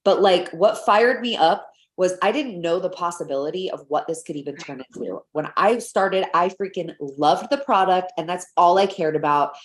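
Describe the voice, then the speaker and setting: A woman from Atlanta leading a sales team video call, talking in an excited, rambling way with lots of "like". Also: fairly low pitch, moderate pace, few pauses, reverberant. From Atlanta, USA.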